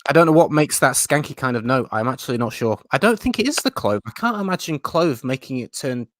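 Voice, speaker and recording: A man's voice: mid-range voice, lively intonation, quick pace, a bit bright, no echo, studio quality. A man hosting a live stream chat, talking in a chatty, self-mocking way and laughing often. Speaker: host.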